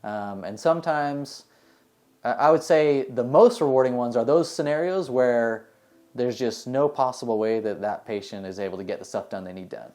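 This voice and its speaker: A man from the United States, a dentist, answering interview questions in a relaxed, rambling way with many fillers. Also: medium pitch, moderate pace. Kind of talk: casual interview answers, storytelling.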